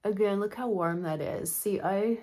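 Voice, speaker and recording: A woman's voice: medium pitch, moderate pace, mellow. A middle-aged woman chatting through a makeup tutorial as a makeup artist, opinionated and talking while she works.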